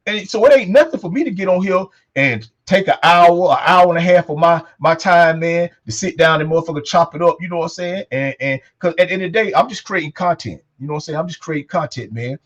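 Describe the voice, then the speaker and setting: Male talk host, casual and profane, rapid talker, sits a bit high in his range, leans on filler phrases. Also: dull audio. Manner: loose, profane, repeats "man" and "you know what I'm saying". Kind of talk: casual talk show chat.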